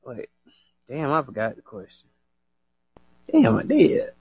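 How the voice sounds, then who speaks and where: A man hosting a casual live stream, excitable and slangy, laughing a lot. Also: mid-range voice, measured pace, highs cut off.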